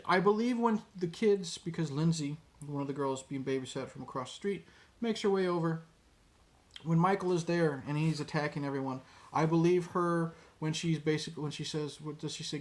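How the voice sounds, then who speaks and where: A man giving a casual, rambling movie review, with many pauses and restarts, dropping his voice to quote lines. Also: a little high.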